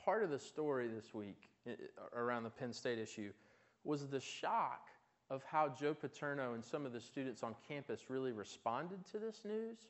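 A man's voice: medium pitch, expressive, moderate pace. A man preaching a sermon in a conversational way, asking his listeners questions and often restarting his words. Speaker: pastor.

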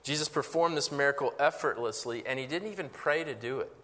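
A man's voice: medium pitch, brisk, sharp tone, in a large hall. A pastor preaching a conversational sermon, asking rhetorical questions and often restarting his phrases.

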